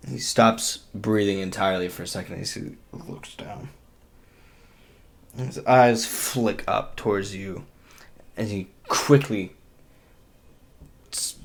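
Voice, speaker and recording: A young man acting as game master, narrating a tabletop game in an animated way and laughing often. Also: fairly low pitch, slow, pauses often.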